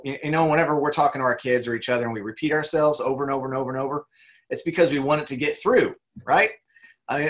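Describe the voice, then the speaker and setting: A man's voice: medium pitch, a bit bright. A man co-hosting a casual faith talk, speaking earnestly and repeating words for emphasis. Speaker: faith discussion co-host.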